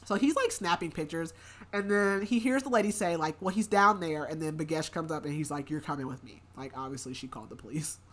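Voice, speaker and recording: A woman's voice: low voice, lively intonation, fairly quick. A woman hosting a book podcast, casually recapping a story in a rambling way with many filler words.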